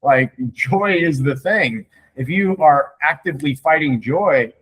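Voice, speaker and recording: A man's voice: medium pitch, animated, moderate pace, hardly any pauses, fairly bright tone, breathy edge, low-quality recording. A man talking loosely in a casual weekly meeting. He rambles from story to story, swears freely and laughs often. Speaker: meeting participant. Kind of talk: casual group discussion.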